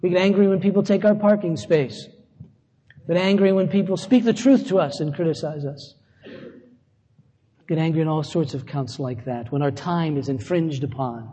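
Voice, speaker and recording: A man's voice: fairly high pitch, moderate pace, long pauses, warm tone, breathy edge, big-room sound, highs cut off. A middle-aged male pastor preaching a conversational sermon, mixing scripture with self-deprecating asides.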